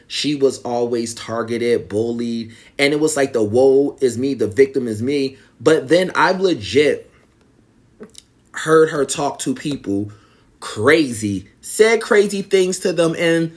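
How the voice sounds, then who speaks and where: A man telling a personal story to his viewers in casual, rambling talk, full of "you know" fillers and growing heated. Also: mid-range voice. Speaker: vlogger.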